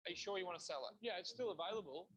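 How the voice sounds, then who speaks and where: A man performing a comedy sketch, deadpan as he directs people to the right place. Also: sits high, racing, slightly rough, dull audio.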